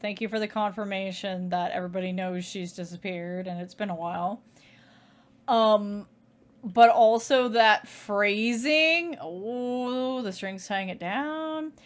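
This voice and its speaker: A woman's voice: mid-range voice, moderate pace. A woman streaming a horror game, talking through it with sarcastic, swearing commentary. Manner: sarcastic, swears casually, thinks aloud. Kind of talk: let's play commentary.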